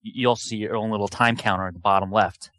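Low-ish guy talking fast on a podcast, dry close sound. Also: fairly even intonation, a bit bright, dry recording. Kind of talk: casual podcast chat.

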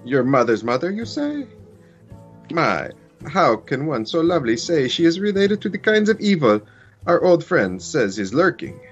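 A man's voice: on the high side, big pitch swings, moderate pace, highs cut off, soft background music. A man voicing a formal, wordy cat-folk mage in an audio drama. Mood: pompous. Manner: flowery, formal phrasing. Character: Khajiit male mage, pompous and wordy.

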